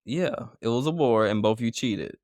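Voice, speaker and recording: A man's voice: medium pitch, expressive, brisk, a little mellow, no echo. A man co-hosting a podcast, chiming in with dry, joking remarks in casual chat. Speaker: podcast co-host.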